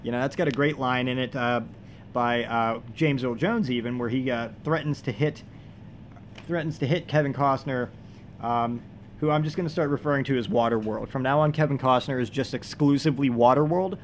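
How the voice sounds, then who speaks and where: A man hosting a comedy podcast, telling an absurd deadpan monologue in a halting, rambling way full of fillers. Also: medium pitch, slight background noise.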